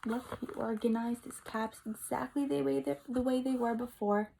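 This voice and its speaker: A woman teacher reading a picture book aloud to young children, expressive and asking them questions, dropping to whispers for asides. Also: fairly high pitch, normal speed, gravelly, a little hiss or hum, low-quality recording. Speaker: kindergarten teacher.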